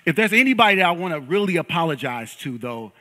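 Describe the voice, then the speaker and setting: A young male pastor with a bright, forceful voice, slightly higher than most men, preaching in a church hall with a long echo. He jokes, teases and hypes the crowd, sliding between quiet asides and loud shouts. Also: quick pace. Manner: lively, joking and hyping up the congregation. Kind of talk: sermon. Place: church sanctuary. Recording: long reverb of a large hall.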